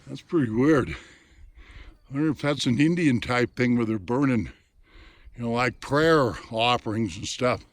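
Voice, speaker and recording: A man's voice: medium pitch, measured pace, no echo. A middle-aged man chatting casually as he films a mountain trail outdoors, a bit out of breath, folksy and plain-spoken, recorded on a handheld camera mic. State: somewhat out of breath. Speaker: hiking vlogger. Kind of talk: casual narration while hiking.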